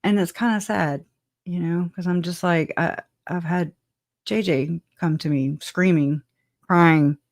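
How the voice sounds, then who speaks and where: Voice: medium pitch, steady tone, unhurried, no echo, clean studio sound. Rambling speaker who laughs often. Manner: laughs often, trails off with "anyways"; reads and answers live chat comments. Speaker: guest telling personal story. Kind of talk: casual rambling storytelling.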